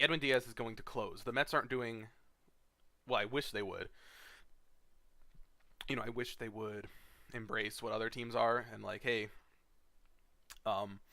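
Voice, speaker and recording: A man's voice: on the low side, sharp tone, dry recording. A young man, a fantasy league commissioner, rambling through a casual recap with lots of fillers and blunt, profane asides, sleepy and yawning. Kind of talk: casual screen-share commentary.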